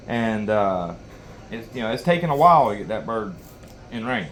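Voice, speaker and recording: A man's voice: on the low side, lively intonation, brisk, fairly bright tone, a little hiss or hum. A man telling a long hunting story in a rambling, folksy way, full of restarts. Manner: rambling, folksy, lots of you-knows and restarts. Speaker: knife sharpening channel host. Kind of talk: casual storytelling while sharpening.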